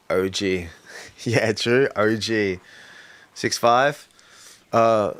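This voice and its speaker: A man's voice: on the low side, extremely slow, pauses often, fairly bright tone, clear, resonant tone, no echo. A man hosting a casual livestream who brainstorms rap lyrics aloud, muttering and repeating lines as he works them out. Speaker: livestream host and rapper.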